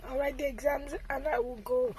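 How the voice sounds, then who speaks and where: A young woman in tears recording a quiet personal video diary and telling herself she will pass. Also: high-pitched, flat delivery, fairly quick, husky, low-quality recording. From Nigeria. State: tearful, crying.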